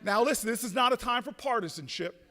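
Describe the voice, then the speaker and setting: A man telling a story in a rousing convention speech, often restarting with repeated words and building to shouted peaks. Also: very high voice, quick pace. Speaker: speaker at a convention. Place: large hotel ballroom. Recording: reverberant ballroom.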